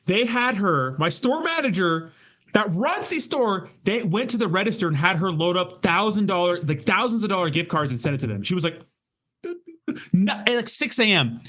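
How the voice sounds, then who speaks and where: Co-host: an excitable, foul-mouthed man with a lively, slightly high voice. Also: normal speed. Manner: excitable, swears freely, loud outbursts. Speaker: podcast co-host. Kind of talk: casual chat.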